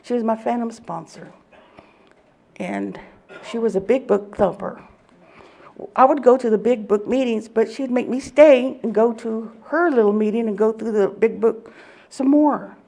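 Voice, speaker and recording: Woman from oklahoma sharing her story at a meeting, gravelly, lively, laughs a lot. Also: fairly high pitch, measured pace. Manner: animated storytelling, laughs often. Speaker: speaker at a recovery meeting. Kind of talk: personal testimony to a group.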